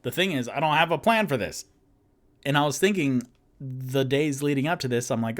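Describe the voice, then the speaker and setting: A man's voice: medium pitch, moderate pace. A man hosting a solo tabletop game stream, casually reading viewer comments aloud and joking while he stalls. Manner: chatty, laughing, stalling while reading chat. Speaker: host and dungeon master. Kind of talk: casual live-stream chat.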